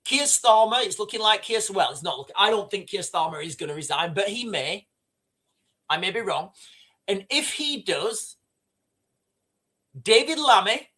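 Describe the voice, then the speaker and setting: Animated, high-pitched male livestreamer. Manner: rambling, repeats himself, reads out viewer comments. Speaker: livestream host. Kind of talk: casual livestream commentary.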